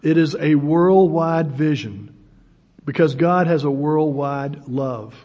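A man's voice: a little high, slow pace, mellow. A man, preaching a sermon in a folksy storytelling way, with self-deprecating humor. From United States. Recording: dull lo-fi recording.

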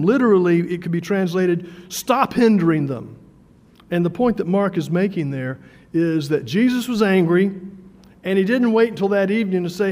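High-voiced man preaching in a reverberant hall. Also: moderate pace, darkish tone. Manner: conversational, with frequent fillers and repeated words. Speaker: pastor. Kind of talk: sermon.

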